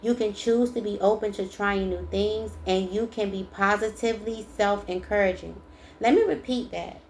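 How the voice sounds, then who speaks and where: A woman with a gravelly, creaky edge gives a tarot reading in a chatty, emphatic way. She reads card texts aloud and then drives the point home in her own words. A faint noise hums under the recording. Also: medium pitch, fairly even intonation, normal speed. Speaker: tarot reader. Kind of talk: casual spiritual card reading.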